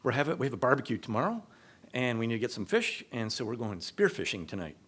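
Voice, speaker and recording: A man's voice: mid-range voice, big pitch swings, quick pace, a bit bright, breathy edge. Brief: a male storyteller doing an easygoing local guy, friendly and casual. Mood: casual invite. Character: friendly local man inviting a guest along.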